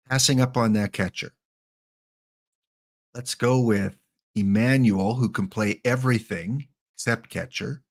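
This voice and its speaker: A male streamer in the middle of a live game session talks at an unhurried, drawn-out pace in an ordinary male pitch. He mulls over each card pick out loud, repeats names under his breath, and turns now and then to chat with his viewers.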